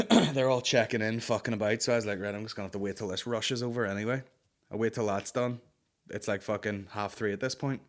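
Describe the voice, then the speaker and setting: A man's voice: on the low side, quick pace. A man hosting a comedy podcast, telling a story in an exasperated, sweary ranting way. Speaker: podcast host. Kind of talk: comic storytelling rant.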